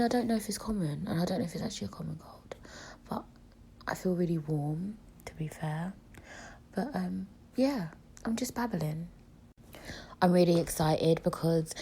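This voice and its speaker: A woman's voice: fairly low pitch, warm tone, slightly rough. Chatty British woman with a cold. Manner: frank, chatty, swears freely. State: has a cold. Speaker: podcast host. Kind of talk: casual solo podcast chat.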